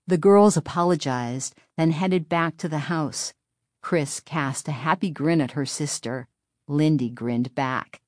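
A woman narrating a children's story in a steady, expressive storytelling manner. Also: low voice, unhurried, no echo, studio quality. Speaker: audiobook narrator. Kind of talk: scripted narration.

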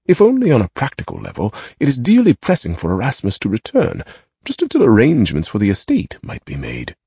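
A man's voice: medium pitch, wildly swooping pitch, fairly quick, warm tone, husky, no room sound, pitched above the performer's own voice, heavily acted. A man voicing a powerfully built cousin who presses his case insistently. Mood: urging. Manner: insistent, persuasive. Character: broad, forceful older cousin, pressing.

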